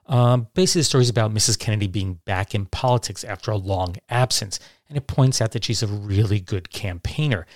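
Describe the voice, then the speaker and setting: A man presenting and reading aloud old newspaper headlines, talking informally and reading quoted lines slowly and deliberately. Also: lowish voice, a little mellow, no echo, studio quality. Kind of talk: informal educational narration.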